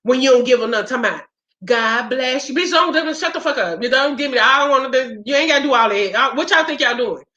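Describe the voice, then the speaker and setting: A woman, talking casually to her viewers in a blunt, profane, animated way. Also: high-pitched, fast talker. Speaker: spiritual practitioner vlogger. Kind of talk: casual livestream chat. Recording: roomy, dull lo-fi sound.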